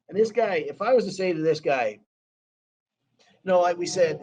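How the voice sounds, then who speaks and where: A man's voice: high voice, lively intonation, normal speed, pauses often, darkish tone. A man in his sixties, a co-host chatting casually and telling long rambling stories, peppered with "man" and "you know what I mean". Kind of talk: casual storytelling chat.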